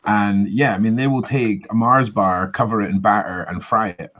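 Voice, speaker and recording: A Scottish man chatting casually as a podcast co-host, telling animated, sweary stories. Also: lowish voice, normal speed. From Scotland. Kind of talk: casual chat. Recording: slightly muffled lo-fi audio.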